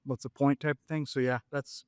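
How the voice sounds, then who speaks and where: Smooth-voiced man, hesitant and dry. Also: mid-range voice, level tone, a little fast, a little mellow, no room sound. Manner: hesitant, many fillers, restrained frustration. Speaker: podcast guest. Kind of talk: casual podcast chat.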